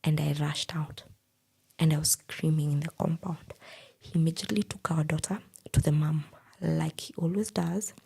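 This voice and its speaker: A young woman with a Kenyan accent recounts her own story in a breathy, half-whispered, intense voice. Her tone sits low and dark, with a heavy gravelly rasp and a very husky edge. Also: steady tone, moderate pace. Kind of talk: personal storytelling.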